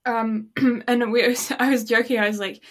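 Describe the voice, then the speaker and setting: A woman's voice: a little high, little pitch movement, moderate pace. A woman co-hosting a podcast, chatting casually and breaking into giggles, with a playful, joking manner. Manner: giggly, playful, bursts of laughter. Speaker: podcast co-host. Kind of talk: casual chat.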